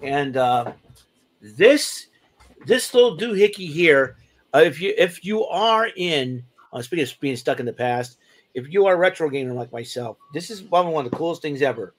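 A man's voice: a little high, expressive, moderate pace. Rambling enthusiastic man on a podcast. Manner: rambling, enthusiastic show-and-tell with many fillers. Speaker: podcast co-host. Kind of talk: casual chat.

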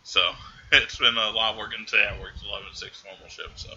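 A man's voice: fairly low pitch, little pitch movement, fast, pushed and bright, breathy edge, lo-fi sound. A man co-hosting a casual podcast, animatedly retelling a film's scenes and acting out its characters' lines. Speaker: podcast co-host. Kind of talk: casual movie recap chat.

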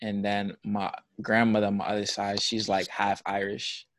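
A man's voice: fairly low pitch, flat delivery, moderate pace, a bit bright, no room sound. A young man from Jamaica with a New York accent, talking in a rambling casual chat full of fillers.

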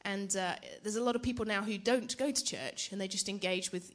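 A woman's voice: medium pitch, brisk. A young woman preaching to a church gathering in a chatty, self-deprecating way, often asking the audience questions. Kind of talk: conference teaching talk.

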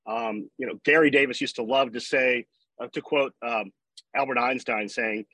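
A man taking his turn in an online talk, speaking in a measured, thoughtful way with a few fillers. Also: medium pitch, steady tone, sharp tone, dry recording, low-quality recording. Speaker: participant.

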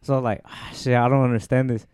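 A man's voice: medium pitch, steady tone, very fast, a little mellow, clear, resonant tone, no room sound, studio quality. Young man telling rambling stories. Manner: rambling storytelling with restarts. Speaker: podcast co-host. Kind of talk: casual chat.

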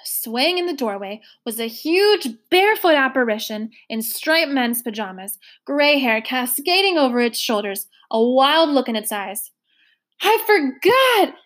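A woman reads a children's novel aloud, with a voice a little higher than most women. Her storytelling is even and clear, easy to follow along. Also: moderate pace, hardly any pauses. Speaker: story reader.

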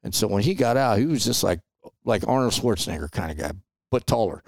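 A middle-aged man from Los Angeles, a podcast guest, telling stories in a casual, animated way and often adding "man" and "right?". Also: lowish voice, fairly quick, vocal fry, no room sound. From Los Angeles, USA. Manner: animated storyteller, peppers talk with "man" and "right?". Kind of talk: casual storytelling interview.

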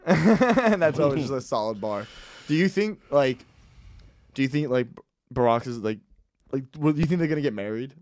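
A man's voice: medium pitch, lively intonation, normal speed, a little mellow, no room sound, studio quality. A man hosting a casual podcast chat, rambling loosely with plenty of fillers. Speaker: podcast host.

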